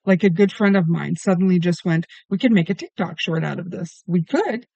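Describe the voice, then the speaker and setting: High-pitched male tarot reader, earnest and emphatic, dry close sound, slightly dull audio. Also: fairly even intonation, brisk, gravelly, a little mellow, no echo. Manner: earnest, emphatic, keeps asking why. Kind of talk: solo tarot reading monologue.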